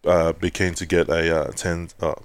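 Speaking at a moderate pace in a low voice, a podcast co-host tells stories in casual chat, swearing freely. He brings them to life by putting on voices to mimic the people he quotes.

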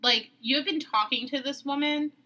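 A young woman with a bright, high-set voice chats casually as a podcast co-host. She talks freely, laughs often and swears without a second thought. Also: normal speed. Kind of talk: casual chat.

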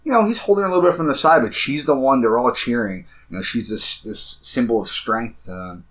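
A man co-hosting a casual podcast, earnestly retelling film scenes in detail and often trailing off softly. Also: medium pitch, fairly quick. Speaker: podcast co-host.

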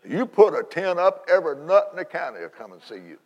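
A man, an evangelist telling a story in a sermon, folksy and animated with many restarts, in a large church hall. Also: high-pitched, fairly quick, muffled recording. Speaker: evangelist preacher.

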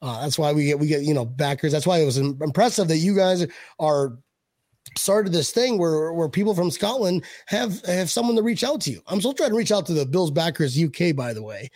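A man's voice: on the high side, expressive, a little fast, a little mellow, no room sound. Joking man hosting a fan show. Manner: joking, rambling with restarts. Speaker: podcast host. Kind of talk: casual chat.

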